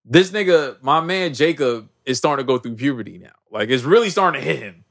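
A man's voice: medium pitch, brisk. A man co-hosting a podcast, recapping a movie in casual slangy chat and acting out the characters' lines. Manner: animated slangy storytelling, acts out characters' lines. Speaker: podcast co-host.

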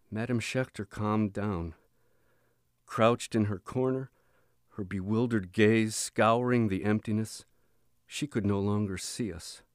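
A man reading a book chapter aloud in a measured, expressive audiobook narration. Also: medium pitch, no room sound, studio quality. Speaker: audiobook reader.

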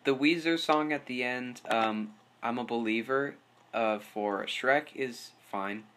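A young man hosting a casual podcast chat with friends, rambling and filling pauses with ums. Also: medium pitch, fairly bright tone, a little hiss or hum. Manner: hurried, rambling, full of fillers. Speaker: podcast host.

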